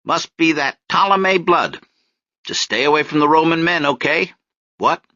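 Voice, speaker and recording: A man's voice: on the high side, normal speed, sharp tone, no echo, lo-fi sound, pitched above the performer's own voice. A man voicing a wry young street-corner activist. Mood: playful. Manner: teasing, lecturing, emphatic.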